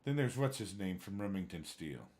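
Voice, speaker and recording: Male streamer, lowish voice, casual rambling chat that flares up now and then. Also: sing-song, a little fast, darkish tone. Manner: rambling, gets worked up, trails off searching for names. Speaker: livestream gamer chatting with viewers.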